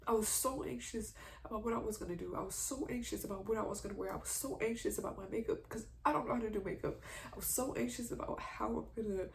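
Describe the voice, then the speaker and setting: A woman's voice: on the high side, fast, vocal fry, slight background noise. A twenty-one-year-old woman giving a heartfelt faith testimony, earnest and emotional, tearful at times. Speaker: vlogger sharing a faith testimony.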